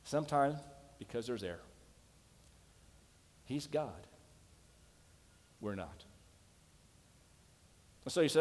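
A male pastor preaches in an emphatic, questioning style and tells stories along the way. His voice sits fairly high for a man. A long hall reverb trails behind every phrase. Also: big pitch swings, slow, pauses often. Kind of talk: sermon.

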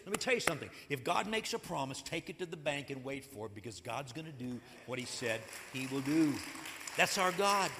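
A man preaching a sermon in a church, conversational and animated, acting out the stories as he goes. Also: medium pitch, moderate pace. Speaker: pastor. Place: church sanctuary. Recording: echoey hall.

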